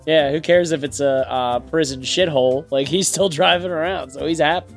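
A man's voice: on the high side, moderate pace, faint music behind. A man co-hosting a movie podcast, talking in a laid-back, amused way. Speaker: podcast co-host. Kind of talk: casual movie review chat.

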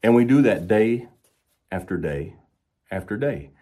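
A man with a fairly low, mellow voice talks about horses in a relaxed, folksy way. He tells his examples as little stories and slows down with long pauses to stress each point. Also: slightly rough. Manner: folksy, storytelling with slow emphasized pauses. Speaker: horse trainer and instructor. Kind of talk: relaxed explanatory talk.

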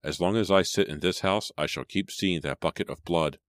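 A polite young colonial man who speaks earnestly, read by a man narrating a storybook, in a very low voice. The sound is dry and close. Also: moderate pace, dry recording, lightly acted.

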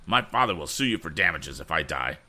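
A man's voice: rumbling low, big pitch swings, a little fast, bright, forceful tone, full character voice. A man voicing a spiteful, cowardly young male bully who whines and blubbers his threats. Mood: whining.

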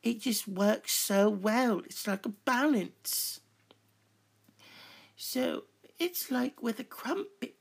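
A woman's voice: medium pitch, vocal fry, pitched above the performer's own voice, full character voice. A woman playing a giddy American from a Britain-ruled future, talking in a put-on British accent. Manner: giddy, prim, mock-proper.

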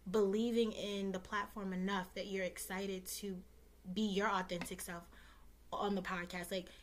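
A woman's voice: mid-range voice, level tone, moderate pace, a little hiss or hum. Young woman, solo podcast host, emotional, chatty thank-you talk with lots of fillers. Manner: emotional, close to tears, talks warmly and directly to listeners with many fillers. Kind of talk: casual heartfelt monologue to listeners.

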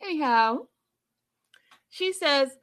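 A woman casually recapping a reality show episode, chatty and animated, with sarcastic asides. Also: high-pitched, takes it slowly.

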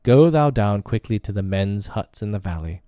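A man's voice: fairly low pitch, lively intonation, moderate pace, dark tone, no room sound, studio quality, lightly acted. A man voicing a wise, protective male panther who speaks solemnly and tenderly in a storybook reading. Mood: grave, tender.

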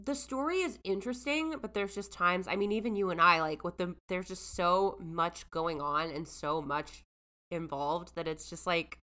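A woman's voice: lowish voice, moderate pace, pushed and bright. A woman co-hosting a podcast, chatting casually with many fillers. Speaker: podcast co-host. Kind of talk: casual chat.

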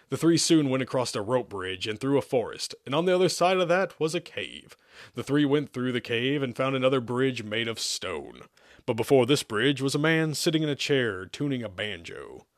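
A man hosts and reads an absurd old amateur story aloud in a measured, deadpan way. His voice sits at an ordinary middle pitch. The sound is dry and close, with no room echo. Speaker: host and story reader.

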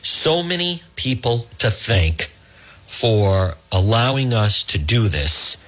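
A male talk radio host who rambles through a monologue and a joke, halting often with fillers and restarts, into a handheld microphone. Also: fairly low pitch, animated, fairly bright tone. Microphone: handheld microphone, also streamed on social video.

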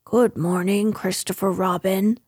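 A woman voicing a simple, cheerful, honey-loving bear who sounds gently puzzled. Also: medium pitch, fairly even intonation, measured pace, husky, no room sound, clean studio sound.

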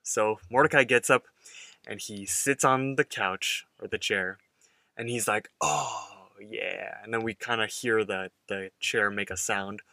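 A young man in his twenties talks casually on a podcast, recapping a cartoon and acting out the characters' lines. His voice is bright and forceful, recorded close and dry. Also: lowish voice, measured pace, dry recording. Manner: animated, acts out characters' lines while recapping. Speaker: podcast co-host.

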